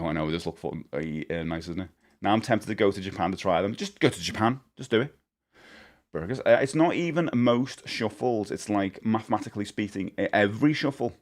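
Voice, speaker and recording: A man's voice: lowish voice, very animated, brisk. A man chatting casually to his live-stream viewers. He rambles and corrects himself as he goes, and he laughs often. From United Kingdom.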